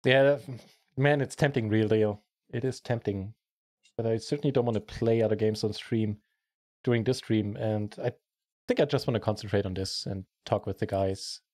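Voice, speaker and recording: A man's voice: fairly low pitch, steady tone, normal speed, a little mellow. Polite man streaming online poker. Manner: polite, thanks chat viewers. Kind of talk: casual streaming chat.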